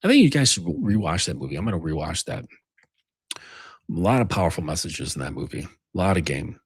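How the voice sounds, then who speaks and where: This is a man with a husky, breathy edge to his voice, speaking in a casual monologue. He rambles and swears freely as he lectures like a men's coach. The sound is dry and close, with no room echo. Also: low voice, animated, brisk. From United States.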